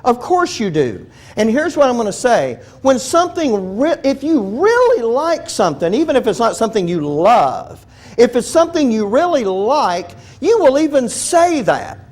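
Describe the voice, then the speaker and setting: A man teaching a Bible study in a relaxed, conversational way, telling humorous stories, restarting his sentences and putting questions to his listeners. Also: extremely high pitch, normal speed. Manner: chatty, restarts sentences, asks the audience questions; humorous storytelling.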